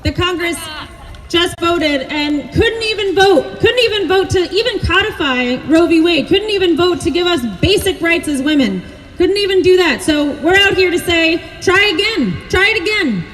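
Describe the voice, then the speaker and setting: A woman giving a rapid, emphatic rally speech at an outdoor protest and leading chants, repeating her phrases for force. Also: extremely high pitch, lively intonation, in a large hall. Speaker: protest speaker. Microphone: handheld camera at distance.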